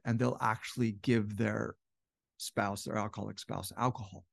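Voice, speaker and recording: A relationship educator with a gravelly, fry-heavy, lowish voice talks in a loose, conversational way at normal speed and a level tone, sounding slightly strained. He acts out quoted couples, shifting his voice for each. The recording is close and dry, with no echo.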